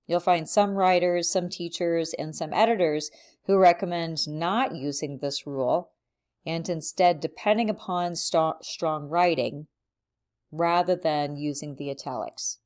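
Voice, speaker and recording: A woman's voice: on the low side, darkish tone. A woman explaining a writing mechanics rule, methodically reading example sentences aloud. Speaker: writing instructor. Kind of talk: instructional explanation.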